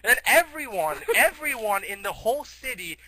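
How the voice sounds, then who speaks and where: A man's voice: very high voice, sing-song, moderate pace, bright, forceful tone, no echo, poor audio. A teenage boy telling a rambling comic story, giggly, restarting often.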